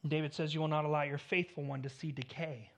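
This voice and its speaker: A man preaching a sermon in an earnest tone, swelling louder on key points and dropping low at the ends of phrases. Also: steady tone, fast talker. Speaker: pastor.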